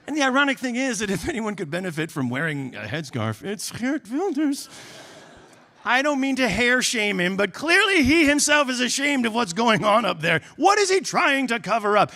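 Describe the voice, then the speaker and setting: American man, comedian on stage, high bright voice, sarcastic. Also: very animated, a little fast, gravelly, few pauses. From United States. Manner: dry, sarcastic quips. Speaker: comedian co-host. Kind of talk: stand-up political comedy double act. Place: theater stage.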